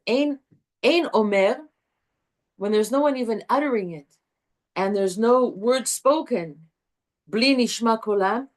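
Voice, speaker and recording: Animated woman teaching a Torah class. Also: fairly high pitch, takes it slowly, long pauses. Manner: animated, warm with students, restarts often.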